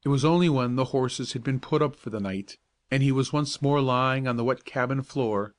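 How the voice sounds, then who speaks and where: A man narrating a bedtime audiobook in a calm, measured storytelling voice. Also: mid-range voice.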